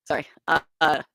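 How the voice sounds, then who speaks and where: A woman's voice: bright, forceful tone, dry recording, studio quality. A young woman co-hosting a livestream, chatting casually with swearing and laughing asides to viewers. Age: young adult. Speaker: livestream co-host. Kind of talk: casual commentary chat.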